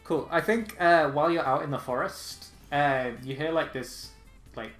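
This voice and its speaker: A man running a tabletop game as game master, laughing often and talking in halting bursts with fillers. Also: fairly high pitch, fairly bright tone, soft background music.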